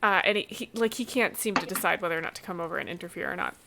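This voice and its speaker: A woman running a tabletop game as game master, narrating in a lively, chatty way over an online call. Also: lowish voice, racing, creaky, background noise.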